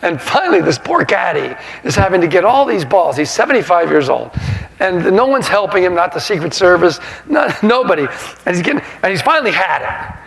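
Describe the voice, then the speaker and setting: Man, 60s, humorous storyteller with a raspy voice and wide pitch swings, recorded with long hall echo. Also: brisk. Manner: animated, laughs through his anecdotes. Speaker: sportswriter and author giving a talk. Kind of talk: humorous storytelling to a live audience. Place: lecture hall. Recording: reverberant hall sound.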